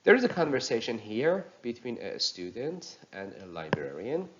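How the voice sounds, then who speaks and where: A man teaching a recorded pronunciation lesson, explaining slowly and deliberately and acting out example lines with exaggerated intonation. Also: mid-range voice, sing-song, dull audio, background noise.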